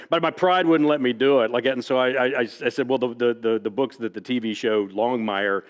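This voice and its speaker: A man's voice: medium pitch, moderate pace, slight background noise. A man from the United States telling folksy stories to an audience, with frequent "like that" asides. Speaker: author speaking to an audience. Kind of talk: storytelling talk. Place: library event hall. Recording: long reverb from a hall.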